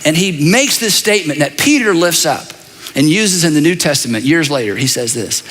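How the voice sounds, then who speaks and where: Lively bright-voiced male preacher in a reverberant hall. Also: fairly high pitch, normal speed. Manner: animated, conversational preaching with repeated phrases and asides. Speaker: pastor. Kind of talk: sermon. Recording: long reverb of a large hall.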